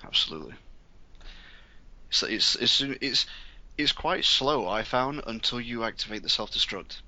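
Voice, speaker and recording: A man co-hosting a casual podcast chat, retelling game moments in an animated, vivid way. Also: mid-range voice, unhurried, dull audio. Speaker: podcast co-host.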